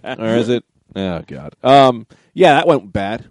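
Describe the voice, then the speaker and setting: A man's voice: medium pitch, a little slow, no room sound, clean studio sound. A man co-hosting a casual comedy podcast, telling stories with lots of energy and acting out the quotes. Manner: animated storyteller who acts out quotes. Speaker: comedian co-host.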